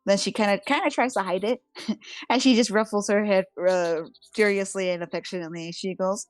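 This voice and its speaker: A woman's voice: mid-range voice, brisk, dry recording. A woman narrating her character's actions in a tabletop game, in a loose, descriptive way. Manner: descriptive, with frequent "kinda" and "she goes". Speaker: player.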